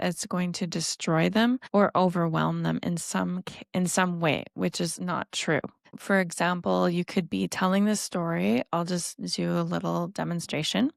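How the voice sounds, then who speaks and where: A woman dating coach in her forties talks listeners through a technique in an earnest, encouraging way. Her voice sits a little low with a gravelly edge. The sound is dry and close, with no room around it. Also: no room sound. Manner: earnest, explanatory, warmly encouraging. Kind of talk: podcast teaching monologue.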